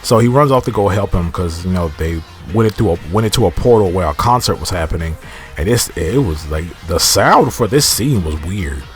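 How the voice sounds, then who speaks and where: A man's voice: low voice, animated, a little fast, soft background music. A man casually recapping a TV episode in a rambling, slangy way, often restarting his sentences. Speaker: TV episode reviewer.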